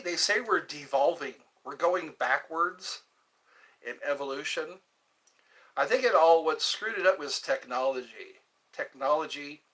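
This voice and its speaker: Slow, bright-voiced older man rambling. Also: on the high side, low-quality recording. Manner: slow, meandering, joking to himself. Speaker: livestream host. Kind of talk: casual rambling livestream chat.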